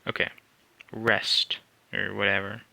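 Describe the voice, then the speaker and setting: A man's voice: on the low side, monotone, slow, gravelly, pushed and bright, no echo. A man streaming live, reading a text adventure aloud and answering it with cocky, joking banter.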